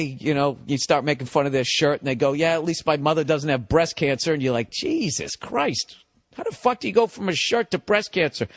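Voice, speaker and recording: Profane rambling man telling a story. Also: a little high. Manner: profane, self-interrupting, acts out other people's voices. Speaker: podcast host. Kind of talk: rambling comic storytelling monologue.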